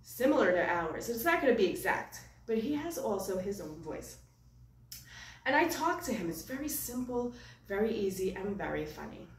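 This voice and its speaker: A woman's voice: mid-range voice, expressive, moderate pace. A woman puppeteer teaching puppetry in a chatty, hands-on way, often checking in with "right?". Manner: chatty, keeps asking "right?". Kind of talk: hands-on demonstration. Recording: echoey room, far from the mic.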